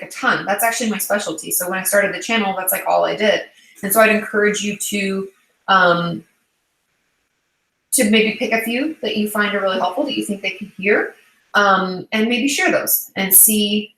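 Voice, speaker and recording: A woman in her thirties talks through viewer questions in a relaxed, reassuring livestream chat. Her voice is bright and clear. The room around her rings with a noticeable echo. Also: mid-range voice. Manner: chatty and reassuring, many "um"s and "like"s. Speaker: therapist and channel host.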